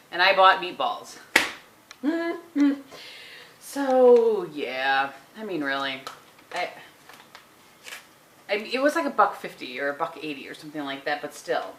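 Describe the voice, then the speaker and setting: A woman's voice: lowish voice, very animated, normal speed, a bit bright. A woman, rambling casually through a home vlog from her kitchen. She is chatty and throws in self-deprecating asides. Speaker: vlogger. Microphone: handheld compact camera. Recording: noisy home camera audio.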